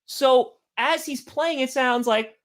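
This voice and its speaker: An extremely high-pitched man takes his time as he hosts a live stream. He blends casual game commentary with a wandering anecdote, telling it in an animated, chatty manner sprinkled with plenty of "like"s.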